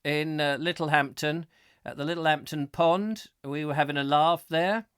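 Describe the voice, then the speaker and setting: A man's voice: on the high side, normal speed, fairly bright tone, clean tone, dry recording, clean studio sound. Jokey male chat show host. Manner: jokey, rambling, self-mocking. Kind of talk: comic live chat show.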